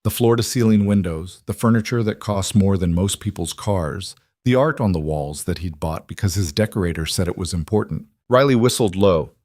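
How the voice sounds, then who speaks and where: A man narrating a story in a slow, measured way. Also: deep voice, darkish tone, dry recording, studio quality. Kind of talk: scripted narration.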